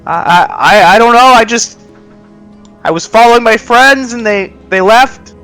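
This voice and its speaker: A man plays a huge, timid adventurer who stammers nervously, his voice lifted well above his usual pitch. Soft music plays behind him. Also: a little slow, low-quality recording.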